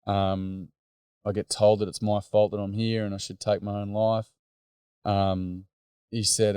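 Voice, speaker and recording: A man's voice: lowish voice, level tone, unhurried, dark tone, smooth, no echo. A middle-aged man with an Australian accent telling earnest, rambling personal stories from his workshops with boys. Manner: earnest, rambling, lots of "um" and "mate". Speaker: speaker running boys' workshops. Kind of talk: personal storytelling talk.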